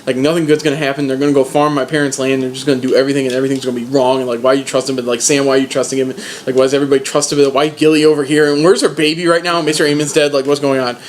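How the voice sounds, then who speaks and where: A man voicing a distrustful, anxious teenage boy in a rapid, worried rant. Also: mid-range voice, flat delivery, lightly acted.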